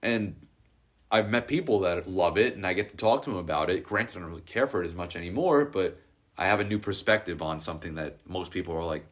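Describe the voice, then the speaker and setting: A young man with a low voice talks fast as he hosts an unedited podcast. His casual chat is packed with filler words as he spins long, rambling, animated stories.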